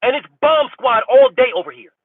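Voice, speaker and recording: A boxing channel host, a man with a husky voice, ranting heatedly and repetitively at his chat, with a profane, mocking manner. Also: extremely high pitch, animated, fairly quick, no echo, narrow, tinny audio. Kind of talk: live-stream rant to chat.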